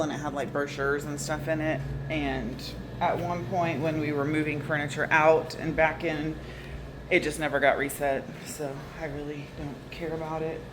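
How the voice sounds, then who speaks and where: A chatty woman with a Southern US accent rambles to the camera in her vlog, her voice sitting a little low. The phone audio is noisy, with clear hiss and rumble around her. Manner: rambling, chatty, with small laughs. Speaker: vlogger. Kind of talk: casual chat to camera.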